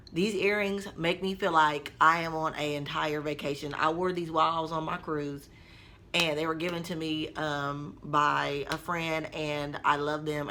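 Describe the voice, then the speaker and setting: A woman vlogger chats straight to her viewers in a relaxed storytime style. Her voice is bright and forceful, sitting a little low in pitch, and she speaks with an expressive, personal manner. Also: a little hiss or hum. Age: adult mother. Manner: chatty, expressive, addresses viewers directly. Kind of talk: casual storytime vlog.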